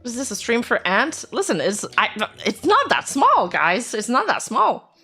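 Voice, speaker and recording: A woman's voice: a little high, big pitch swings, a little slow, pushed and bright, breathy edge, soft background music. A woman streamer casually reacting to news, reading posts aloud and chatting with her viewers. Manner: chatty, answers chat, reads text aloud.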